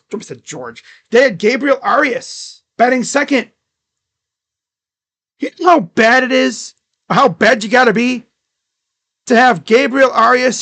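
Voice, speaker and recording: A man's voice: very high-pitched, fairly bright tone. A man vlogging as a sports fan, ranting in an exasperated, mocking way with swearing. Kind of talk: casual sports rant.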